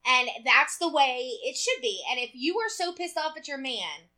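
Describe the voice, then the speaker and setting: A woman co-hosting a casual chat show, telling animated stories, acting out dialogue and swearing freely. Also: high voice, normal speed. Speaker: podcast co-host.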